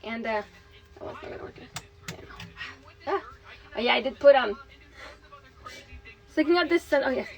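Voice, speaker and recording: A woman's voice: high-pitched, animated, moderate pace, pauses often, soft background music, poor audio. A woman, a mother, chatting casually to the camera at home in a rambling way with lots of fillers. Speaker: mother and vlogger. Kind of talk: casual home vlog chat. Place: home kitchen.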